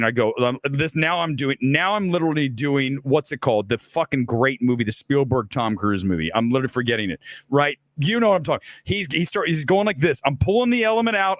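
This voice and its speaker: A self-assured man rants about films on his livestream in a raised, slightly high voice. He often repeats and restarts words as he pushes his points. The sound is dry and close, with no room in it. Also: no room sound. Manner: emphatic, ranting, self-assured. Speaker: film commentator host. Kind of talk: livestream movie commentary.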